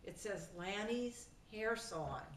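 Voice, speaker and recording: A woman casually telling a funny story from her own life, in a lively, animated way. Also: medium pitch, measured pace, distant mic. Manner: animated, lively retelling with laughter. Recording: roomy sound from off the mic with faint noise.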